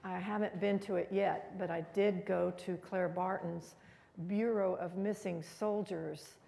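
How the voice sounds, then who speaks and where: A woman's voice: fairly low pitch, fairly even intonation, measured pace, creaky, warm tone, big-room sound. A woman giving a conversational, rambling history talk as a guest speaker in a museum room.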